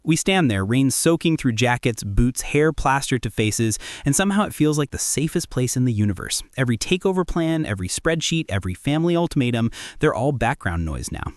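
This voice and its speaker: A man's voice: medium pitch, animated, a little fast, hardly any pauses, no echo. Man, audiobook narrator, wry, conversational, dry close recording. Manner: casual, wry, conversational storytelling. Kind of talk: first-person audiobook story narration.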